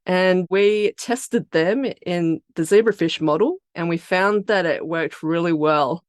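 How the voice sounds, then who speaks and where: A woman from Australia, founder of a biotech company, uses her Australian accent and fairly low-pitched voice to explain her research and career. It's a relaxed, chatty podcast interview, with studio-quality audio and no room sound.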